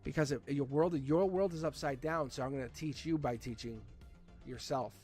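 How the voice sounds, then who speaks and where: A man giving a casual live tarot reading, animated and repeating himself with frequent restarts. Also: mid-range voice, moderate pace, faint music behind. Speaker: tarot reader.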